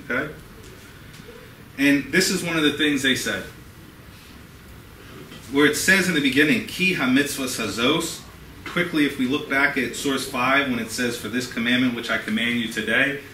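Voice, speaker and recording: A man's voice: medium pitch, pushed and bright. A man giving an earnest, conversational talk to a class, often checking in with his listeners. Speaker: guest speaker. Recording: echoey room from a distance, faint hiss.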